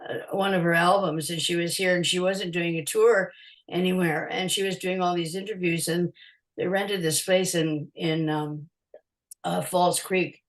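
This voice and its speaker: Older woman, photographer guest, animated raconteur who acts out dialogue. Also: fairly low pitch, normal speed, poor audio. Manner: animated storyteller, laughs often, acts out quotes. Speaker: podcast guest, concert photographer. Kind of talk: casual interview storytelling.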